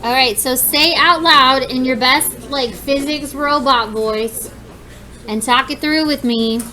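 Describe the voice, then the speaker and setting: A woman's voice: high-pitched, slow, bright, forceful tone, rough recording. A woman teaching a class, walking students through steps in an upbeat, encouraging way. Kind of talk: classroom lesson.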